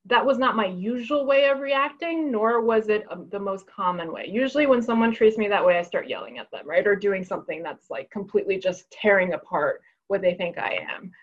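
A woman's voice: medium pitch, fairly quick, hardly any pauses, narrow, tinny audio. A woman lawyer and author speaking frankly and reflectively as an interview guest, often restarting her sentences. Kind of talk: candid conversational interview.

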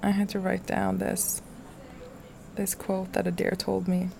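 A woman reading aloud from her personal journal, soft and slow, sometimes dropping to a whisper. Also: medium pitch, monotone, vocal fry, a little hiss or hum. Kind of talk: intimate journal reading, poetry-like.

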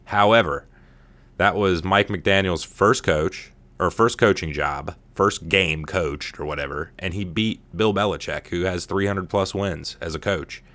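A man's voice: low voice, a little slow, fairly bright tone, no echo. A man hosting a casual sports podcast, ranting and swearing in exasperation. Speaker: podcast host.

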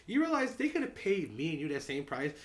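A man's voice: fairly high pitch, huge pitch swings, fairly quick, slight background noise. A man co-hosting a podcast, ranting about basketball in casual, heavily profane talk. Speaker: podcast co-host. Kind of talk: casual sports chat.

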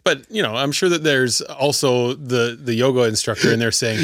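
A man co-hosts a relaxed podcast chat in a mid-pitched voice, recorded dry and close. He talks loosely, scattering fillers as he explains things. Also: normal speed, no room sound. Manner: loose, full of fillers like "you know". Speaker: podcast co-host. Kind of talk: casual chat.

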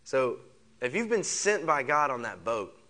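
A pastor delivers a sermon in a medium-pitched, sing-song voice with a sharp edge, taking his time. He repeats phrases, stacks up rhetorical questions, and leads the congregation in call-and-response.

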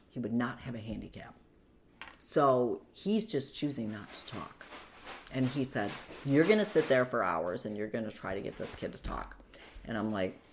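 Very low-voiced woman telling her story. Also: slight background noise. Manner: conversational, quotes the other people in her story. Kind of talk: personal storytelling in an interview.

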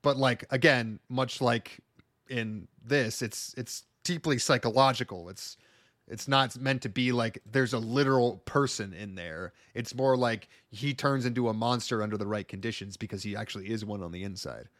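Animated, swearing man in dry sound. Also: mid-range voice, moderate pace, no room sound. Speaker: podcast co-host. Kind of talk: casual movie discussion.

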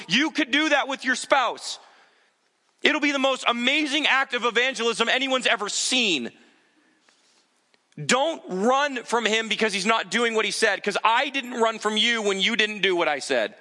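A man's voice: sits high, animated, moderate pace, pushed and bright, big-room sound. A male pastor preaching an earnest, urgent sermon and acting out the voices of the people he quotes.

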